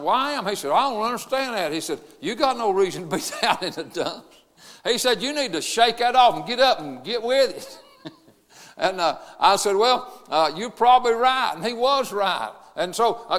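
A middle-aged man, preaching a funeral sermon in a folksy way that swings from loud to quiet. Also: high-pitched, big-room sound. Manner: folksy, repeats "I'm telling you what", swings from loud to quiet. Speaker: pastor.

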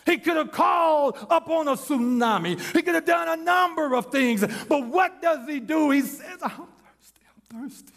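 A man preaching a sermon in an impassioned, shouting delivery. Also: very high voice, moderate pace, vocal fry, few pauses.

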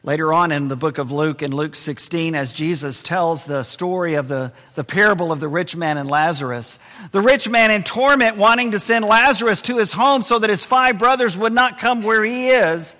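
A man preaching a sermon, lively and expressive, dropping to a low, quiet voice to stress key points. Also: normal speed, long reverb tail. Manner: expressive preaching, drops to a low hush for emphasis. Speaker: pastor.

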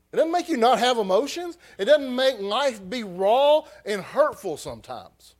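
A man, a pastor telling a personal story in a sermon, swinging from hushed to loud and emotional. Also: extremely high pitch, big pitch swings, measured pace.

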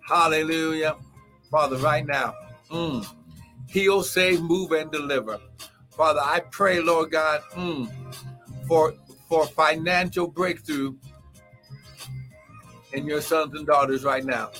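A fervent male pastor leads live morning prayer with shouted exclamations and bursts of tongues. His voice sits a little high and has a bright, forceful edge. Faint music plays behind him. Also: slow, pauses often. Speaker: pastor and prophet.

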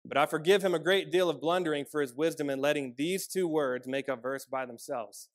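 A male pastor delivering a sermon in an earnest, measured way. His voice sits fairly high for a man, and he often drops to a softer, quieter tone to let key lines land.

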